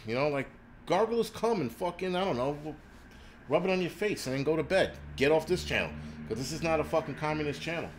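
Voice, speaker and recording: A man who hosts a prepping channel rants on a livestream from indoors in a city, swearing nonstop in a crude, combative way. His voice is on the high side, very animated and fast, with a little hiss or hum on the recording.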